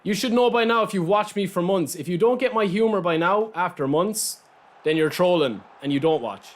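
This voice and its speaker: Man, Irish accent, gaming streamer, casual chat with viewers, high-pitched, very animated pitch. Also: normal speed. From Ireland. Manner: talks straight to chat, reads out and answers viewers' messages. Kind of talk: casual live-stream chat while playing.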